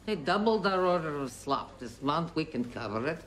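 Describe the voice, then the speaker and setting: A woman's voice: low-pitched, very animated, moderate pace, rough recording. An actress playing a stern, commanding middle-aged Russian woman cook, speaking with a Russian accent in a film clip with music underneath. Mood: brisk.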